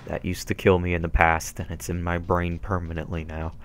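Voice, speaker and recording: Low-voiced, rambling young gamer. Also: male voice, level tone, a little fast, noisy background. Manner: rambling, self-deprecating. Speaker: gameplay commentator. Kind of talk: casual let's-play commentary. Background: faint game music.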